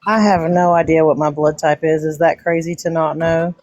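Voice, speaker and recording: A woman's voice: deep voice, fairly even intonation, normal speed, a little mellow, no room sound, lo-fi sound. A woman from Texas hosting a casual live-stream chat from home, talking with a loose, swearing, chatty manner and laughing often. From Texas, USA. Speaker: livestream host.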